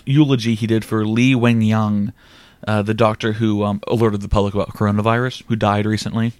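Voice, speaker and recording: A man's voice: lowish voice, a little mellow, smooth, no room sound. A man hosts a casual comedy podcast in a dry, close recording. He jokes sarcastically, and his talk is full of ums and uhs. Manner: joking, sarcastic, many fillers. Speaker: podcast host.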